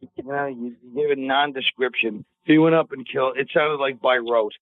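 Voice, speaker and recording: A male comedian trading sarcastic, deadpan jabs in casual radio banter. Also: medium pitch, normal speed, creaky. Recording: tinny phone-like radio audio.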